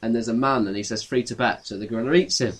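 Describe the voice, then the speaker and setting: A young man with a mid-range voice narrates a wildly silly improvised adventure for a podcast. He delivers each ridiculous turn in a dry, deadpan way. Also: medium pitch, fast. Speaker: podcast co-host. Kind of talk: improvised comic storytelling.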